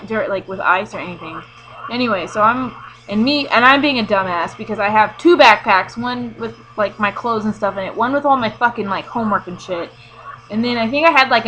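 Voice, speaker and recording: A woman's voice: mid-range voice, fairly bright tone, a little hiss or hum, rough recording. A young woman vlogger telling a rambling, sweary, self-mocking story in casual chat.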